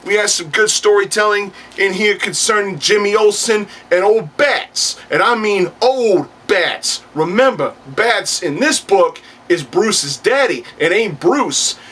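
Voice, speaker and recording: A man's voice: sits high, animated, measured pace, hardly any pauses, fairly bright tone, slightly rough, voice pushed up, full character voice. A man voicing a cocky, foul-mouthed alternate-world double of himself who reviews comic books, with crude slang. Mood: brash. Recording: distant mic with faint background noise.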